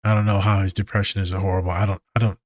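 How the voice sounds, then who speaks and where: A man's voice: low-pitched, little pitch movement, rapid-fire, dry recording. A man, a therapist hosting a podcast, talking casually, candid and profane with a joking edge.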